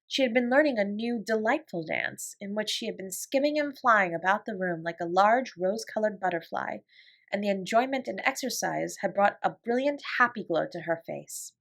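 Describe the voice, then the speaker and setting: A woman narrating a classic children's novel as a bedtime story, in an expressive storytelling voice. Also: mid-range voice, normal speed, creaky. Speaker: audiobook reader.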